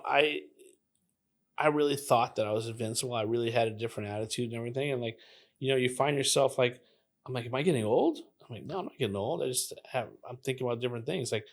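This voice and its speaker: Animated storytelling man in his fifties. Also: medium pitch. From Los Angeles, US. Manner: animated storyteller who acts out the voices of people in his stories. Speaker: guest graffiti artist. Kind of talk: casual storytelling interview.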